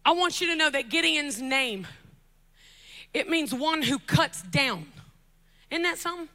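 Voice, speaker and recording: A high-voiced, bright woman with a drawl preaches from a church pulpit. She jokes with the crowd, builds to shouted climaxes, then drops low and soft to press her point home. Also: measured pace. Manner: animated, joking asides, shouting climaxes, drops to soft intimate tones. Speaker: guest preacher. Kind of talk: lively sermon.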